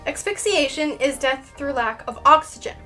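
A young woman hosting an educational video, explaining things in a lively, playful and sarcastic way with dramatic emphasis. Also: high-pitched, normal speed, soft background music. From Canada. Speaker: reptile educator and channel host.

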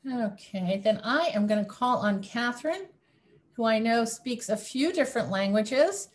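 A woman leading an online religious service over a video call, inviting people in a gentle, unhurried way. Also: a little high, animated. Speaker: service leader.

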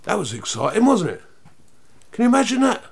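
A man reading a children's book aloud, narrating in an expressive, lively way. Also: sits high, fairly quick, vocal fry, breathy edge. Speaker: storyteller.

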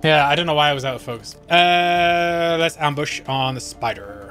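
Man, let's play commentary, chatty, self-mocking, a bit high-pitched, soft game music underneath. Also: moderate pace. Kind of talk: casual gameplay commentary.

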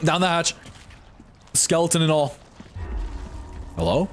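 A man streaming a horror game live, reacting in a goofy, excitable way and often yelping up high. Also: moderate pace, long pauses. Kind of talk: live gameplay commentary. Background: game music.

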